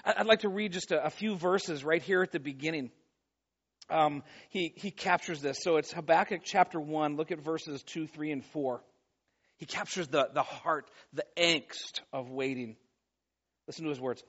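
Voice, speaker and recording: A man preaching a sermon, pleading loudly and then dropping to a hush, often repeating words as he goes. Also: fairly high pitch, moderate pace. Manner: impassioned, swings from loud pleading to hushed. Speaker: pastor. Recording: dull lo-fi recording.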